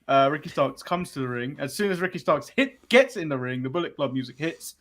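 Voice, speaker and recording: A man's voice: a little high, lively intonation, fairly quick, a bit bright. A man from England co-hosting a casual wrestling recap, bantering with exasperated sarcasm. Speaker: podcast co-host.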